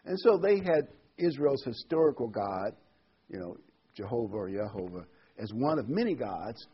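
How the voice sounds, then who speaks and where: A man preaches an informal, conversational sermon with a husky voice, his pitch rising and falling as he retells the story. He restarts his sentences often and tosses in asides. The recording sounds dull and lo-fi. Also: big pitch swings, moderate pace.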